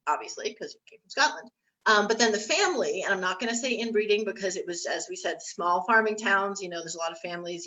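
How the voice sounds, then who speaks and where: A woman's voice: mid-range voice, a bit bright, muffled recording. A woman on a history panel, telling stories in a chatty way with many fillers and restarts. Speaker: historic site staff panelist. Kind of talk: casual panel discussion.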